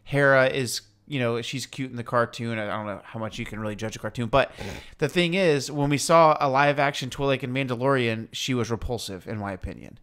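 A man co-hosting a podcast, talking in a rambling, jokey and animated way as he chats with his brother. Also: medium pitch, a little fast, clean tone. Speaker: podcast co-host. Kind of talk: casual chat.

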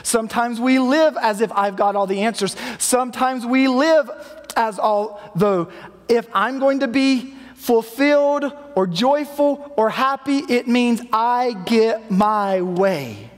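A man pastor preaching a sermon in a relaxed, conversational way, sometimes acting out the lines he quotes. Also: very high-pitched, slow pace, big-room sound. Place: church sanctuary.

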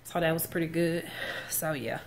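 A woman's voice: sits low, fairly even intonation, normal speed, creaky. A woman, chatting casually and rambling straight to her viewers in a vlog, filmed on a phone. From Texas, USA. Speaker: vlogger. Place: in a car and at home. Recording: loud background noise from a car.

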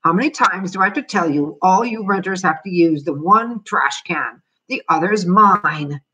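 An irate old landlord bellows at his tenants about the trash, as a woman reads him aloud. His voice is husky and his words come out slow and pressed. It is a storybook reading for children. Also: fairly low pitch, pushed and bright, voice pushed up. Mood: scolding. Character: angry older male landlord, nagging, shouting.

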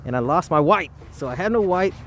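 Man, slightly high voice, chatty self-talking painter streaming live by a roadside, faint outdoor hum behind. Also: expressive, a little fast, a bit bright. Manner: rambling, talks to himself, chuckles often. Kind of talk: casual live-stream chat while painting.

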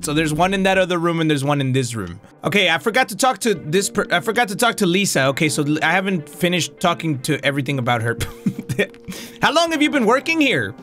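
Let's play host, excitable and crude, high lively voice, faint music behind. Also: male voice, fairly quick. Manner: loud, crude, laughing reactions. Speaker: gaming video creator.

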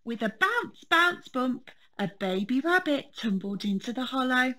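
A woman teacher reading a children's storybook aloud, gentle and expressive. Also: high-pitched, measured pace.

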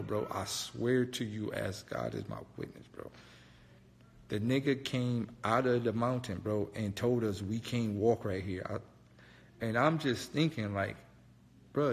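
A man casually telling a story, animated, slangy and profane. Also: mid-range voice, in a large hall. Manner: animated, profane, slangy, keeps saying "bro".

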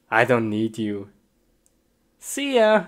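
A woman performing a comedy sketch, talking to herself in simple, broken English and breaking into excited yelps and shrieks of frustration. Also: very deep voice, extremely slow. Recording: noisy recording.

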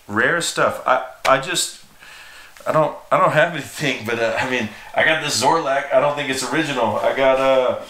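Man in his forties, rambling and self-mocking, bright voice, echoey room. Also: mid-range voice, slight background noise. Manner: rambling, profane, self-deprecating. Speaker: skateboarding team manager. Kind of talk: casual storytelling. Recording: roomy echo.

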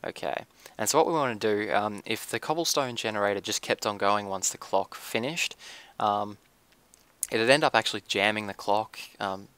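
A man giving casual, relaxed gameplay commentary, thinking aloud with frequent ums as he explains his build. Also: on the low side, moderate pace, smooth, no room sound.

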